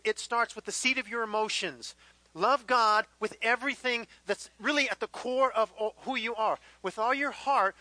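A man's voice: very high-pitched, bright, forceful tone, no room sound, low-quality recording. A man preaching a sermon to a live congregation, conversational and acting out little dialogues. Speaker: pastor. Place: church hall with live congregation.

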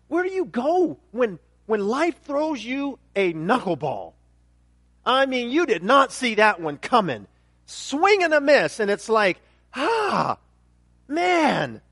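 High-voiced man preaching a sermon. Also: no echo. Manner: emphatic, rising to loud questions, then dropping quiet and intense. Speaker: pastor.

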